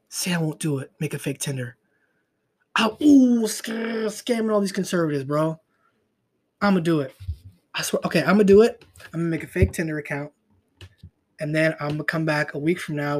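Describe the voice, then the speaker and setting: A young man hosting a solo podcast, talking in a profane, rambling way and trailing off into mutters. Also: fairly high pitch. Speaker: podcast host. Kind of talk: casual solo podcast rant.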